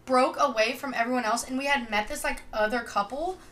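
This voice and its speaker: A woman's voice: high voice, a little fast, a bit bright, a little hiss or hum. A young woman from Louisiana co-hosting a podcast, rambling in casual chat with lots of fillers and swearing. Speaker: podcast co-host.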